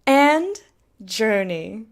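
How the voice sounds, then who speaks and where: A woman hosts a playful mock awards ceremony with a hammy, theatrical delivery. Her voice sits a little high, and she draws each line out slowly and grandly. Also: big pitch swings. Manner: theatrical and hammy, teasing a silent co-host. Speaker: streamer hosting a mock awards show. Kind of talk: mock awards-show presenting.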